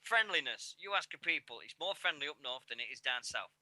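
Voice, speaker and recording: A man's voice: a little high, animated, brisk, bright, forceful tone, no room sound. A man with a Yorkshire accent co-hosting a radio show, talking in casual, rambling, jokey banter. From Yorkshire, England.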